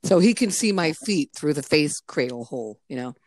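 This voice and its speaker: A middle-aged woman from the United States, chatting casually and spinning stories, laughing often and swearing without a second thought. Her voice sits a little low and sounds close and dry, with no room around it. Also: animated, a little fast, a little mellow, no echo. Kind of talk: casual chat, telling anecdotes.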